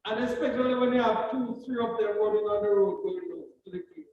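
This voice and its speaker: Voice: mid-range voice, a little fast, dull audio, slight background noise. A speaker with a Jamaican accent giving a ceremonial address at a commissioning service, telling stories earnestly and repeating words for emphasis. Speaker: guest speaker at a justice of the peace commissioning. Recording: distant voice in a very echoey hall.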